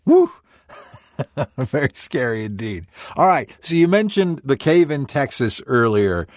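A man's voice: medium pitch, very animated, a little slow, no echo, studio quality. A man hosting a podcast, asking casual questions and reacting briefly. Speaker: podcast host. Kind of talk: casual interview.

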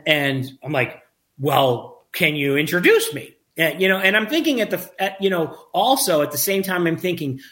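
Animated storytelling man, slightly high voice. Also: normal speed. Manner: animated anecdote-telling, acts out quoted dialogue, frequent restarts. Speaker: documentary filmmaker. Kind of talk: casual storytelling in an interview.

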